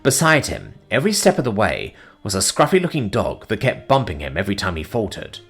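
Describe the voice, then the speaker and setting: A man narrating a science fiction story in a dramatic, expressive manner. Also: fairly low pitch, a little fast, husky, soft background music.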